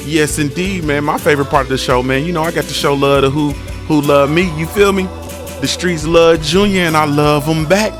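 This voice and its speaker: A man's voice: a little high, fairly quick, over music. A man hosting a casual livestream, greeting viewers by name in a laid-back, slangy, sing-song way. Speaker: livestream host.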